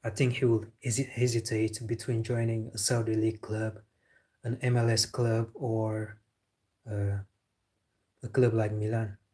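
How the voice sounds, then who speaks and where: A man's voice: fairly low pitch, flat delivery, measured pace, warm tone. A man from Senegal hosting a football live stream. He chats casually, answers viewer comments, jokes and says "bro" a lot. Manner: laid-back, joking, says "bro" often.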